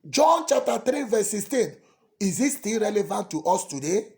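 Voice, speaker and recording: A man, a priest preaching a sermon that swings dramatically between soft pleading and loud cries. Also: high voice, big pitch swings, normal speed.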